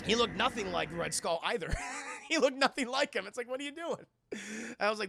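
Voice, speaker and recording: Gravelly, excitable man recapping a movie. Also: extremely high pitch, dry recording, clean studio sound. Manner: profane, excitable, acts out scenes in quick funny voices. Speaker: movie reviewer streaming to chat. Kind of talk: animated spoiler recap with chat.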